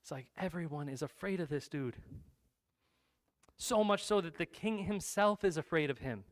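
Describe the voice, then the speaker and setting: A male pastor preaching a sermon, retelling a Bible story in a lively, casual way with asides to the congregation. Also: fairly high pitch, moderate pace, no room sound.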